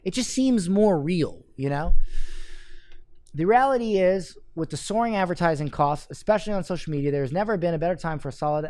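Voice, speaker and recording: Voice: medium pitch, animated, brisk, a little mellow, no echo. A marketing coach giving a live, blunt critique of marketing copy, reading drafts aloud and picking them apart.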